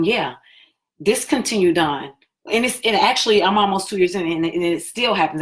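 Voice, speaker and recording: A woman hosting a live stream, telling her personal story in a chatty, animated way and acting out what people said. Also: lowish voice. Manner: chatty, animated, acts out quoted talk.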